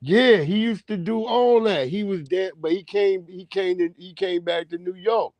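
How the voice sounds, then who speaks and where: A man with a high, slightly mellow voice hosts a livestream, recorded with no echo. He spins rambling, profane stories in a loose, casual monologue, drawing each tale out at length.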